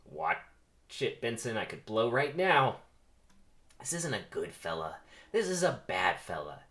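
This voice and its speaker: A man's voice: on the low side, very animated, measured pace, a bit bright. A man reading the part of a volatile male movie star in a comedic script reading, hammy and mock-menacing. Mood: heated.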